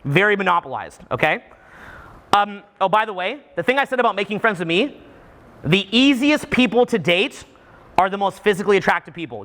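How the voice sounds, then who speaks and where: Seminar speaker, male, from Canada: high, lively pitch, acts out the people he describes. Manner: animated, acts out what people say, frequent restarts. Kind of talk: live seminar talk to an audience.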